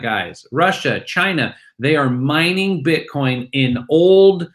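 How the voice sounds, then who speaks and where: A middle-aged man, a guest from a crypto company, talking excitedly in an interview and acting out snippets of conversation. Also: mid-range voice, unhurried. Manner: excited, acts out bar chatter in voices. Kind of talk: animated interview talk.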